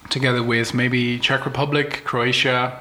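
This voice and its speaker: A man co-hosting a podcast in casual chat, relaxed and easygoing, sometimes swearing in passing. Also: mid-range voice, normal speed, slight background noise, low-quality recording. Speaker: podcast co-host.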